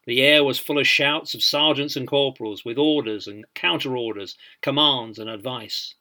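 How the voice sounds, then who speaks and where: A man narrating a biography in an audiobook, measured and dryly humorous. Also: medium pitch, bright, forceful tone.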